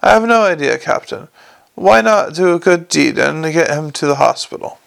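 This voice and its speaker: A man voicing a male con man who talks calmly, persuasively and dryly. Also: fairly high pitch, moderate pace, vocal fry, exaggerated voice. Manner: calm, persuasive, dry. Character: smooth-talking male con man, cool under threat.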